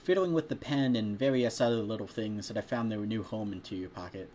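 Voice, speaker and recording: A man's voice: fairly low pitch, a little fast, darkish tone, a little hiss or hum. A man casually reading a fan story aloud, chatty and stopping now and then to joke about the text. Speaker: fanfiction reader.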